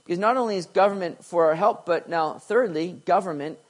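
A middle-aged man preaching a sermon, telling stories with swings from quiet asides to excited bursts. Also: sits high, fairly quick. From Canada. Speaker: pastor.

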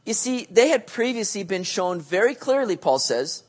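A pastor preaching a sermon, animated, switching between loud emphasis and hushed asides, and acting out quoted voices. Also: medium pitch, moderate pace, husky. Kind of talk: sermon teaching on a Bible passage.

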